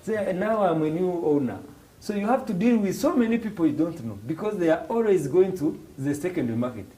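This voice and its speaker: A man's voice: high voice, fairly quick, poor audio. A man with a Rwandan English accent explaining financial markets to students, acting out little dialogues and restarting his phrases. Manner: animated, acts out dialogues in raised voices, hesitant restarts. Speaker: financial literacy instructor. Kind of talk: classroom explanation with acted examples.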